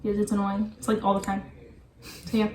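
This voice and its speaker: A young woman guest in a casual chat, relaxed and full of fillers, often trailing off softly. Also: mid-range voice, quick pace. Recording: echoey room, mic a bit far, faint hiss.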